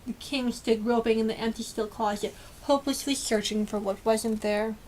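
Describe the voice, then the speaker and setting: A woman reading a children's storybook aloud with lively, expressive storytelling. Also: a little high, normal speed, a little hiss or hum. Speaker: storybook reader.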